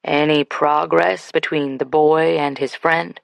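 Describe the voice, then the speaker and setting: A woman voicing a dry-humored man in an audiobook, with a wry, deadpan delivery. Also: sits low, measured pace, vocal fry, no echo, full character voice.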